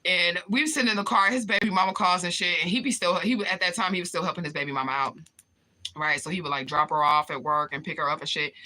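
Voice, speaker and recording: On a live stream, a woman tells personal stories in a casual, profane vlog style, replying to viewers and growing animated as she goes. Her voice is lowish, fast, very bright and forward.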